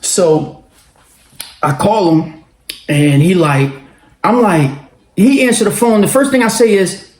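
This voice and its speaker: A man with a fairly high voice tells a personal story in a loose, animated monologue. He swears freely and breaks into laughter often. The room around him is echoey. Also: a little slow. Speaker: vlogger telling a personal story.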